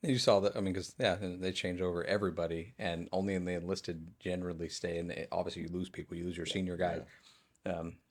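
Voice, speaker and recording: A man hosting a casual chat, relaxed and chuckling, poking fun at new officers. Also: sits low, fast talker, hardly any pauses. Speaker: podcast host, veteran.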